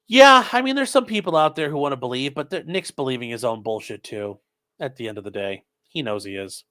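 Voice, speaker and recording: A man's voice: medium pitch, expressive, a little fast, pushed and bright. A man hosting a casual commentary stream, reading viewer messages aloud and answering them sarcastically. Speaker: host reading chat.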